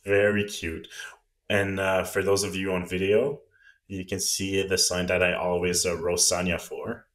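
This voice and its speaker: A man's voice: low voice, completely flat delivery, unhurried, a bit bright. A man co-hosting a podcast in casual chat, teasing his partner and laughing often. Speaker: podcast co-host.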